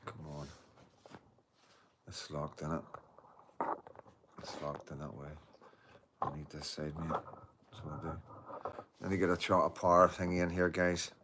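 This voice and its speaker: A man's voice: a bass voice, monotone, unhurried, pauses often, heavy background noise. A man hosting a casual livestream chat, rambling and often repeating "you know what I mean". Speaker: livestream host.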